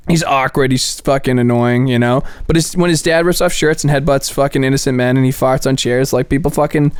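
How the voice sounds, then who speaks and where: A man co-hosting a fight podcast, telling animated stories, acting out quotes and swearing freely. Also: mid-range voice, fairly quick, clean tone, no room sound. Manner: animated storyteller, acts out quotes, swears a lot. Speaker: podcast co-host. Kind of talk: casual chat.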